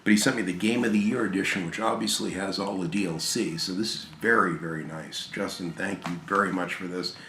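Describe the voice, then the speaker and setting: A tired, hoarse man chatting casually and gratefully about games he received, rambling with fillers and restarts. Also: sits low, steady tone, fairly quick, few pauses, a bit bright, reverberant, slight background noise. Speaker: gaming channel host. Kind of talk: casual video chat about game pickups.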